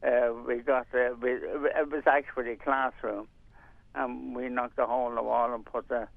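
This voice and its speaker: An older man rambles on at a middle pitch, full of hesitations and restarts. His voice comes through a thin, tinny phone line. The sound is dry and close, with no room around it. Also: little pitch movement, normal speed, vocal fry, no echo. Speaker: community radio volunteer and presenter. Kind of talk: casual radio interview.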